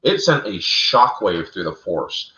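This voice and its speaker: Male co-host, lowish voice, animated fan-lore talker, roomy lo-fi sound. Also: a little slow. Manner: animated, addresses listeners as folks, laughs at own slips. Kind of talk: casual lore discussion.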